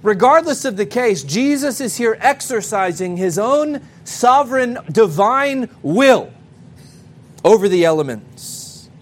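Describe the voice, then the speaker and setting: A man preaching a sermon to a congregation, speaking to the children as well, with emphatic pauses. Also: sits high, lively intonation. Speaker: pastor.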